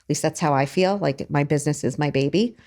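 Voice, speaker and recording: Chatty New woman, lowish voice. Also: fast, a little mellow. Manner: chatty, many "like" fillers. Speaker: podcast guest, business owner. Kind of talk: casual interview talk.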